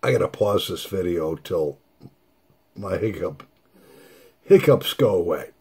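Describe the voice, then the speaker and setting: An older man vlogging while smoking his pipe, talking in an unhurried, musing way with pauses between thoughts. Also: low voice, expressive, mellow. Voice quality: gravelly, raspy. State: hiccups from nicotine. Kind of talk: slow casual monologue while smoking.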